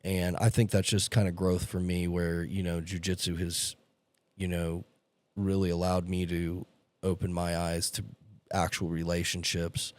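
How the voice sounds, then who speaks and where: A man hosting a podcast, excitable and chatty, often cutting in and saying "dude". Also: sits low, measured pace, no room sound. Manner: excitable, talks over guest, says dude. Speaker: podcast host. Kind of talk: casual chat.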